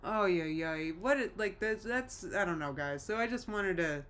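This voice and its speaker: This livestream host's voice is medium in pitch, fairly bright and expressive, at normal speed. She rambles in a nostalgic, emotional way while reading viewer comments aloud and restarting her sentences during the casual chat.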